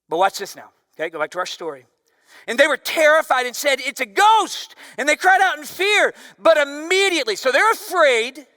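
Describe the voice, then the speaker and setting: A man preaching a sermon as pastor, with a loud voice that swings from forceful emphasis down to near-whispers. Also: very high-pitched, no room sound, studio quality, big-room sound.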